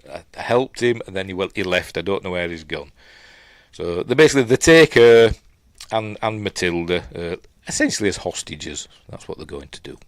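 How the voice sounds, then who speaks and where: A man's voice: on the low side, dry recording, studio quality. A middle-aged man with a Yorkshire accent, casually recapping and reviewing a film in a rambling, chatty way full of fillers and asides.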